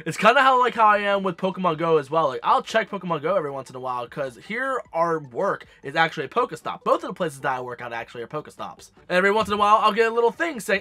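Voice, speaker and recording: A young man with a high, bright voice, telling a story to his camera with animated, sassy energy and plenty of swearing. The sound is dry and close, with no room echo. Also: fast talker, few pauses. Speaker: gaming vlogger.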